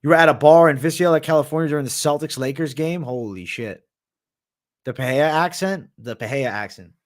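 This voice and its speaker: Answering viewer questions on his livestream, a man from the United States chats casually in a mid-range voice at a fairly quick pace. His manner is laid-back and profane, and he says "bro" often.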